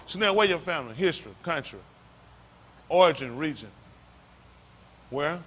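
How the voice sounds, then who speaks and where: A male pastor preaching loudly and quizzing his congregation, asking questions and calling on listeners. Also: high-pitched, lively intonation, fairly quick, long pauses. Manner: loud, rhetorical, questions the congregation. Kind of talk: sermon with audience back-and-forth. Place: congregation hall.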